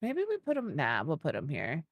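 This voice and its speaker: A woman's voice: low-pitched, wildly swooping pitch, normal speed, no echo. A woman giving casual gameplay commentary, thinking aloud as she builds and cooing baby talk at an animal. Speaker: gaming video creator.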